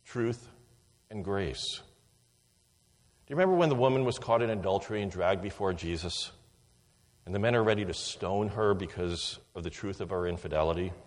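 Man preaching in a reverberant church. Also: fairly low pitch. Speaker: pastor. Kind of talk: sermon.

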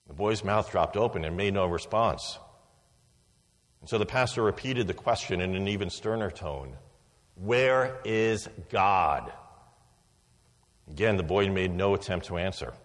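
Brief: male pastor, mid-pitched, deliberate sermon delivery, long reverb tail.

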